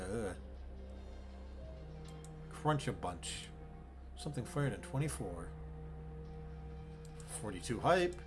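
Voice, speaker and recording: A man streaming a zoo-building game, musing aloud in a bemused, rambling way and swearing freely. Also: mid-range voice. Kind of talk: casual gameplay commentary.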